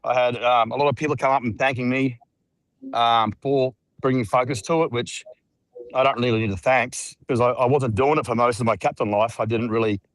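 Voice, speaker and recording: A man's voice: medium pitch, fairly even intonation, brisk, no echo, poor audio. A man with an Australian accent chatting laid-back and rambling on a video call while out walking. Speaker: regular guest. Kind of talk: casual video call chat. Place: outdoors, walking.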